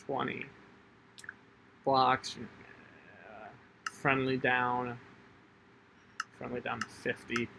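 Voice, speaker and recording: A man's voice: mid-range voice, level tone, very slow, creaky, long pauses, background noise. A man with a mid-range voice who chats casually while he plays, rambling through fillers and restarts. He often breaks into laughs and speaks in a loose, easygoing way. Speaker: channel host and player. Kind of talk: casual gameplay chat.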